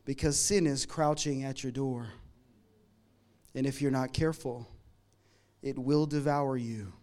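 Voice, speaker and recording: A middle-aged man preaching a sermon in a conversational, humorous way, moving between loud emphatic lines and quiet asides. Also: mid-range voice, fairly even intonation, a little slow. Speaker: pastor.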